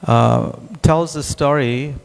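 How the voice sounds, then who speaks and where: A man's voice: a little high, takes it slowly, vocal fry, clear, resonant tone. A man giving a devotional scripture class, telling stories with many restarts and asides, recorded with a long hall reverb. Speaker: class speaker.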